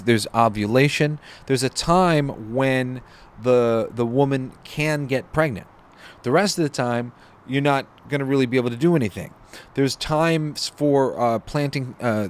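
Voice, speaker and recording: Male podcast host, mid pitch, loose spiritual talk, chatty. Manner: rambling, self-deprecating, many restarts.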